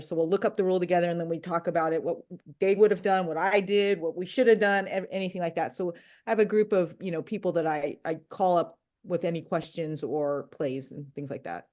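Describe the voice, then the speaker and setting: A woman's voice: fairly low pitch, darkish tone. A woman umpire being interviewed, answering in a brief, matter-of-fact way. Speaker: umpire guest. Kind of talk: casual interview talk.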